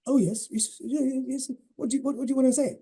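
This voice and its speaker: A flustered young suitor stammers and repeats himself in an eager, raised voice, as a man puts him on. The timbre stays dark and mellow even when he climbs high. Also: quick pace, breathy edge, full character voice.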